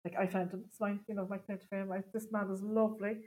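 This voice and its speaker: A middle-aged Irish woman, a stand-up comedian chatting in an interview, self-mocking and quick to laugh. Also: medium pitch, level tone, darkish tone, low-quality recording. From Ireland. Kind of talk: casual interview chat.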